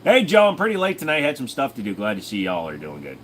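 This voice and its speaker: Brief: male livestream host, crude and jokey, very lively pitch, faint room hum behind. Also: fast talker. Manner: crude, jokey, slips into silly voices. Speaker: livestream host answering chat. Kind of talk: casual livestream chat. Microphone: desk microphone.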